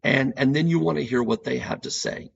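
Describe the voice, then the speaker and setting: Gravelly, husky man giving relationship advice. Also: medium pitch, a little fast, highs cut off. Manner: earnest, repeats key points for emphasis. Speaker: couples therapist and podcast host. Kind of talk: educational podcast talk.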